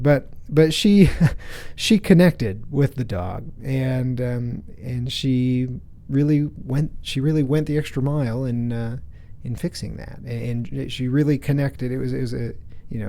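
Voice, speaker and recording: A man in his thirties hosts a storytelling podcast with a warm, mellow voice at an ordinary pitch. He talks casually, restarting phrases and adding little asides as he goes. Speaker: podcast host.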